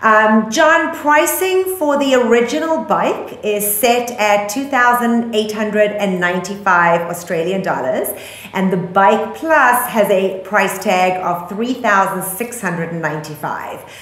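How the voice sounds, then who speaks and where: A woman with a South African accent talks through the week's news in a relaxed, chatty way, with plenty of ums. Her voice sits at a middle pitch. It rings a little in an echoey room. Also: unhurried. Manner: chatty, many ums, laughs easily. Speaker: podcast co-host. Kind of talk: casual news chat.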